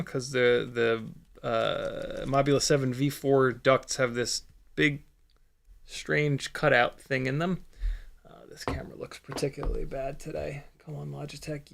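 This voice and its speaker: A man with a mid-range, creaky voice hosts a casual livestream while building a drone, rambling and swearing as he works.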